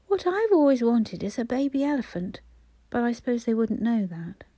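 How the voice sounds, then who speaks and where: A woman's voice: fairly high pitch, sing-song, moderate pace, warm tone, no room sound. A woman voicing a bouncy, cheerful young girl in a storybook. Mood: dreamy. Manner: bouncy, chirpy.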